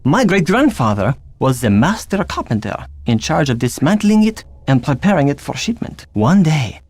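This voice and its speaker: An actor playing an earnest young man in a video game, speaking with a French accent in measured storytelling. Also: on the high side, very animated, a little mellow, no room sound. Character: earnest young man seeking a lost treasure. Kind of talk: video game character dialogue.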